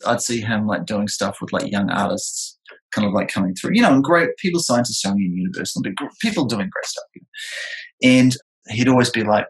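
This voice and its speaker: A young man in casual chat, rambling and animated, with many filler words. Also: fairly low pitch, a little fast, poor audio. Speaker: photographer and former music producer.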